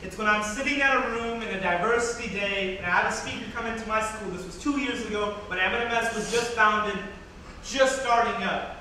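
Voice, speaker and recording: A man's voice: sits high, a little fast, recorded from a distance, a little hiss or hum. Young man telling a story, echoey hall. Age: young adult. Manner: animated storytelling, acting out quoted voices. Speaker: student speaker. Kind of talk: personal story talk.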